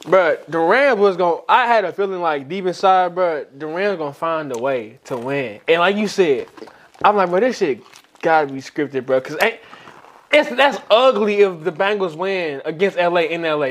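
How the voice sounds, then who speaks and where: High-voiced man in heated sports banter. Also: moderate pace. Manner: animated, repeats himself, slangy. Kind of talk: casual sports chat.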